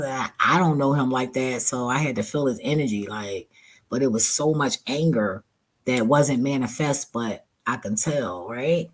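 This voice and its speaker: A relaxed man telling a casual storytime, loose and profane, laughing often as he talks. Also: medium pitch, measured pace, husky, low-quality recording. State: relaxed and laid back. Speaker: vlogger.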